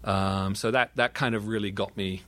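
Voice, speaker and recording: A man's voice: fairly low pitch, fairly even intonation, a bit bright. A middle-aged man from the UK with a transatlantic accent, chatting casually as a guest and often restarting his sentences. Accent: transatlantic, not strongly British. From United Kingdom. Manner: halting, frequent restarts, laid-back. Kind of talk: casual chat.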